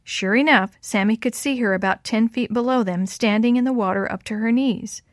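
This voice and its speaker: A woman narrating a children's story aloud in a clear, steady way. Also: a little high, moderate pace, dry recording, clean studio sound.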